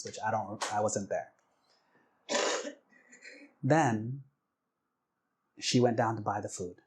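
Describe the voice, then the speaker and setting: A man, a Buddhist monk, giving a sermon as an animated storyteller who acts out the voices in his story. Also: medium pitch. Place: temple.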